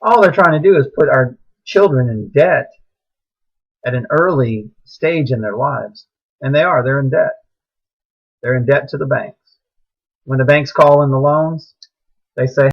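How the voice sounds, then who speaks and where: A husky, middle-aged man talks in a preachy monologue, his voice climbing into agitated outbursts. His pitch sits at an ordinary middle level. The recording sounds dull and lo-fi. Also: a little slow, pauses often. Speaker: speaker sharing religious views. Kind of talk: impassioned personal monologue.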